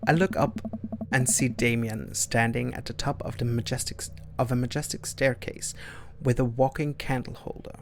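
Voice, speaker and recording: A man's voice: mid-range voice, steady tone, normal speed, background noise. A man streaming a game, reading its story aloud in an amused way, often stumbling and correcting himself.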